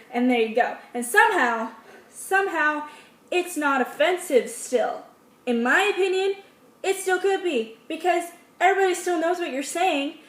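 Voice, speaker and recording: Young female vlogger, high voice, sassy comic delivery, roomy echo. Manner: chatty, sassy, acts out little scenes. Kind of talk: casual comedic vlog. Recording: echoey room.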